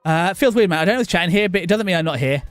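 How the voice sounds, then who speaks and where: This middle-aged game streamer from southern England chats casually over gameplay in a high, expressive voice. He addresses viewers by name, and his delivery is stop-start, full of halting restarts. The recording is dry, with faint music in the background.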